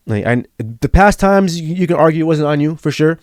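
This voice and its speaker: A man's voice: on the high side, animated, a little fast, darkish tone, no room sound, studio quality. A young man as a podcast guest, telling a personal story in casual, earnest talk, repeating himself and saying bro and yo. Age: young adult.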